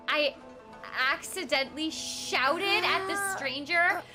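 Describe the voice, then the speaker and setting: High, bubbly streamer woman, lively pitch. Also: slow pace. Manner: bubbly and giggly, chatting with her viewers; playful and self-teasing. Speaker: voice actor streaming a game. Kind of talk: casual live-stream chat. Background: game music.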